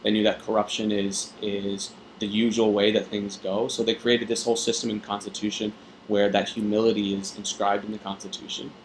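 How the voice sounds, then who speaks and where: A man with a fairly low voice talks a student through a reading passage like a tutor. He keeps it conversational, with plenty of fillers and tag questions. A faint hum of room noise sits behind him. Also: flat delivery, brisk, rough recording. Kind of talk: test-prep reading explanation.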